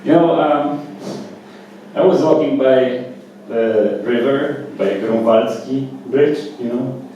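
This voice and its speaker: A man performing open mic stand-up comedy at a small cafe, talking in a casual, halting way with lots of fillers. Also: medium pitch, mellow, very echoey, recorded from a distance, lo-fi sound, a little hiss or hum. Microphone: handheld stage mic.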